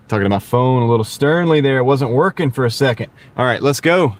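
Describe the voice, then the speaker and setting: A man's voice: mid-range voice, animated, moderate pace. A man chatting casually with viewers while he drives for a delivery app, joking between orders, on a clip-on mic inside a car. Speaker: delivery driver streaming live. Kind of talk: casual live-stream chat while driving. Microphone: wireless clip-on mic.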